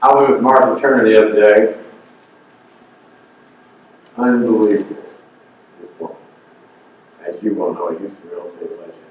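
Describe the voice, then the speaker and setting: A man's voice: on the low side, steady tone, moderate pace, long pauses, a little hiss or hum. Emphatic older man, echoey hall. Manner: emphatic, preachy, repeats his points. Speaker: guest speaker. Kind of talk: motivational talk. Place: community center hall. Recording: echoey hall, far off, dull sound.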